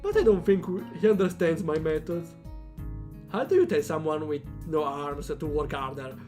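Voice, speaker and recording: A man voicing a calm, odd teenage girl artist in a dreamy, matter-of-fact way, reading a visual novel aloud. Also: a little high, moderate pace, soft background music, lightly acted. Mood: deadpan.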